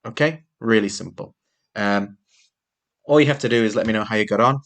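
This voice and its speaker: A low-voiced man teaches a class over a video lesson. He speaks slowly and clearly, patient, pausing to ask his pupils questions. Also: a bit bright.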